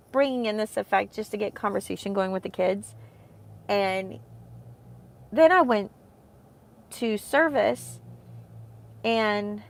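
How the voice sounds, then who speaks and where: A woman in her thirties, a homeschooling mom vlogging, talking in a rambling, heartfelt way with many fillers. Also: medium pitch. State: emotional, close to tears. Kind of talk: casual chat to camera.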